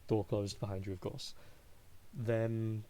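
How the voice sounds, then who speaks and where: Slow-talking game master man. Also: on the low side, little pitch movement, mellow, a little hiss or hum. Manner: slow, halting narration with fillers. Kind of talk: narrating a tabletop game.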